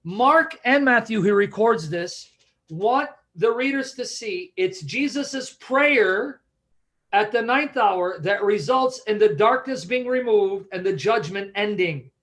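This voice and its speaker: A man's voice: sits high, lively intonation, slow, a bit bright. A man teaching a Bible study, emphatic and repeating questions to check that his listeners follow.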